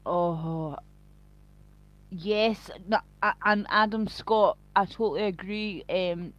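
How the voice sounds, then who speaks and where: Rambling, crude and full of swearing, a woman talks casually to viewers on a live stream at medium pitch and a slow pace. A cheap built-in mic captures it as dull, lo-fi home audio.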